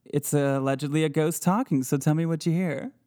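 A playful man with a slightly high voice hosts a casual podcast chat. He jokes freely, sets up each bit briskly and laughs easily along the way. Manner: playful, animated, quick to joke and laugh. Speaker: podcast host.

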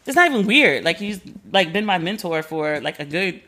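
A woman in her forties hosting a podcast, chatting casually and animatedly, slangy, acting out quoted people in a higher voice. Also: very animated, moderate pace, pushed and bright. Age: 40s. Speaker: podcast host. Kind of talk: casual chat.

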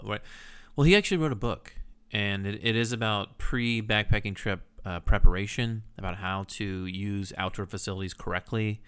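A man's voice: lowish voice, brisk, hardly any pauses, a bit bright, clean tone. A man co-hosting a podcast in casual, teasing chat. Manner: teasing, joking. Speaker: podcast co-host.

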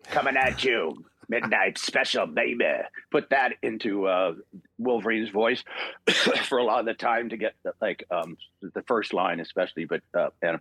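A man's voice: lowish voice, a bit bright, breathy edge, no room sound. An older man from Ontario, Canada, a voice actor telling stories as a guest in an interview, acting out dialogue and laughing often. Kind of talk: podcast interview storytelling.

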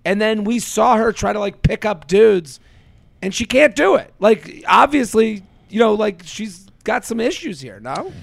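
A man in his thirties co-hosting a casual chat, rambling and animated, full of "like". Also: high-pitched, a little slow, vocal fry, no room sound. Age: 30s. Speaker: podcast co-host.

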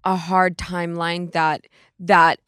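A woman's voice: fairly low pitch, level tone, takes it slowly, fairly bright tone, clear, resonant tone, dry recording. Chatty woman co-host, dry close sound. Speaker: podcast co-host. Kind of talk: casual chat.

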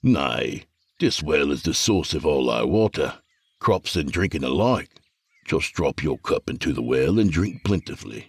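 A man's voice: extremely low pitch, animated, a little slow, vocal fry, breathy edge, dry recording, full character voice. A man voicing a formal, polite 18th-century reenactor with old-fashioned speech.

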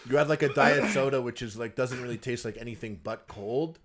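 Animated, laughing young man chatting. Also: medium pitch, brisk, a crowd in the background. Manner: animated, laughing, swears freely, acts out scenes. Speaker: podcast co-host. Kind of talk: casual chat.

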